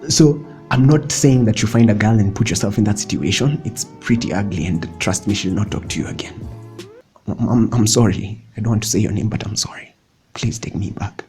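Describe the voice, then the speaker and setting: A young man talks through self-help tips in a relaxed vlog, his voice low-set and mellow. He keeps it chatty and joking, chuckling at himself as he goes, with soft music playing underneath. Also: a little fast. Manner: chatty and playful, laughing often, mixing in Swahili slang. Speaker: vlogger. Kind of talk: casual motivational vlog talk.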